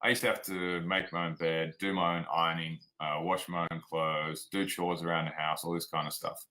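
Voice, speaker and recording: A man's voice: low voice, little pitch movement, moderate pace, sharp tone, low-quality recording. A man with an Australian accent, telling stories frankly as a guest in a casual interview. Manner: frank and plainspoken, drops "like" and "man". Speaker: guest, performance coach.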